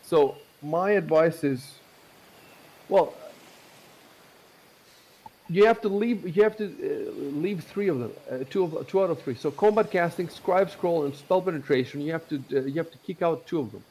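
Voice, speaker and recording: A man's voice: on the high side, moderate pace, darkish tone, low-quality recording. A man running a tabletop game, explaining rules with many fillers and restarts. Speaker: game master.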